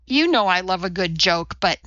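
Composed woman, calm dry delivery, bright clear tone, voiced by a narrator. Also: on the low side, normal speed, dry recording, muffled recording.

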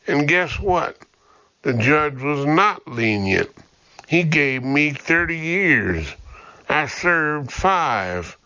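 A man's voice: mid-range voice, pushed and bright, clean tone, no room sound, dull audio, exaggerated voice. A man reading an audiobook, voicing a bitter, frightened young mother who was wrongly imprisoned, pleading and defiant.

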